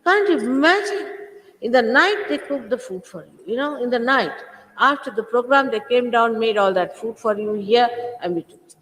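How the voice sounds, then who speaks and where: A woman's voice: on the high side, expressive, normal speed, a bit bright. A woman, a spiritual teacher scolding her followers with emphatic rhetorical questions. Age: 60s. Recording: echoey hall, old 1980s recording.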